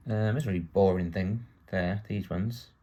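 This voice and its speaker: A man's voice: low voice, normal speed, warm tone, lo-fi sound. A British man from the UK giving casual build-along narration as a vlogger, chatty and full of wry asides while he works. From United Kingdom.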